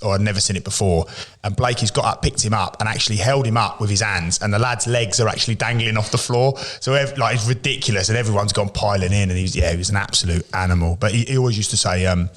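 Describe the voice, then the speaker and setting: A middle-aged man, a former footballer, co-hosting a podcast and telling animated stories about old teammates. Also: lowish voice. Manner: fast, animated anecdotes with laughs and mimicry. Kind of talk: casual storytelling chat.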